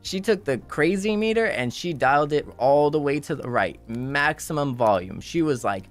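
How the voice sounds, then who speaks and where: A man streamer telling a story in casual chat and acting out the quotes with animated delivery. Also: a little high, normal speed, few pauses, soft background music.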